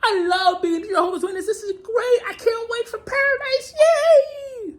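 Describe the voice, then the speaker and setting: A man mocking a starry-eyed churchgoer with a high, sing-song, giddy voice. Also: a little slow. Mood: gushing. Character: gushing, overjoyed churchgoer, starry-eyed and naive.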